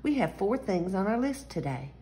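A woman voicing a kind, patient mother pig in a storybook read-aloud, gentle and reasoning. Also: mid-range voice, very animated, normal speed, slight background noise, close to an everyday voice.

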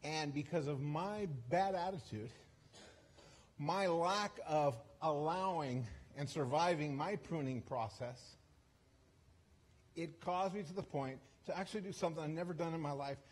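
A man's voice: on the high side, darkish tone, husky. A man as a guest speaker, telling a story in a sermon in a chatty, self-deprecating way, with frequent restarts and asides. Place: church service.

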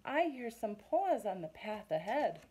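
A woman voicing a big, slow, gullible male monster in a read-aloud storybook, booming each word out slowly. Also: big pitch swings, a little mellow, a little hiss or hum. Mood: amazed.

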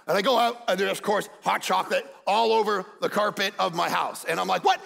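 A man in his forties preaching a sermon as pastor, telling stories animatedly and shouting some lines for emphasis. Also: high voice, fairly quick, creaky, long reverb tail. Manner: animated storytelling, acts out quotes, shouts for emphasis.

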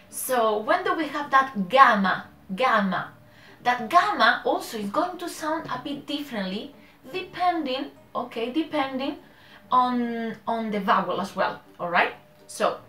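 Spanish-accented woman hosting a casual learning vlog; slow, self-correcting, laughs at herself; echoey room with faint music. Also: fairly high pitch, pushed and bright. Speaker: language learner and host. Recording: roomy echo with faint music.

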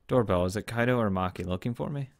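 A man's voice: on the low side, quick pace, faint music behind. A man commentating a video game playthrough, reading the characters' lines aloud and breaking off into profane, frustrated asides. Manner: animated voice shifts between characters. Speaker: let's play host.

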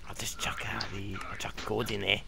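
A man's voice: fairly low pitch, level tone, a little fast, gravelly. A young man putting on an Australian accent as a slangy bloke, chatting through a game and often dropping to a whisper. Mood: laid-back. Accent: put-on Australian. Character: slangy young Aussie bloke scrub hunter. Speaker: gamer. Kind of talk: joking gameplay chat in character.

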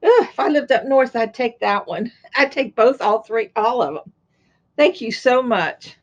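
An older woman with a fairly high voice talks in a chatty, gushing way as she shows off handmade items. The sound is dull and lo-fi, like home video audio. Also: animated, a little slow. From Florida. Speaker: crafting vlogger. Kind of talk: casual show-and-tell chat.

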